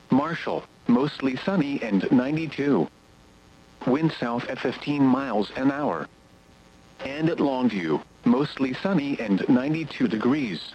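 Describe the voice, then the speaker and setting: A synthetic male voice reading an automated weather radio broadcast, reciting numbers and forecasts in a steady, mechanical way. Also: medium pitch, a little hiss or hum, poor audio.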